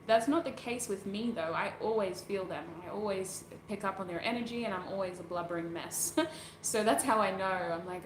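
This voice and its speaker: Woman, casual livestream host, rambling chat, frequent laughter, mid-pitched voice, echoey room. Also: moderate pace. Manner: chatty and rambling, laughs often. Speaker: tarot reader, channel host. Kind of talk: casual livestream chat, answering viewer comments. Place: at home doing makeup. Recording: roomy echo, faint background noise.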